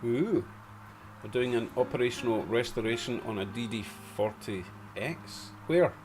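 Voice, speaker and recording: A man's voice: mid-range voice, animated, normal speed, darkish tone, slight background noise. A man from Glasgow with a Glaswegian accent, chatting casually on a live stream as host and answering viewers in the chat. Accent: Glaswegian Scottish. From Scotland. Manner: chatty, reads out chat comments, chuckles to himself. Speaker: model railway livestream host.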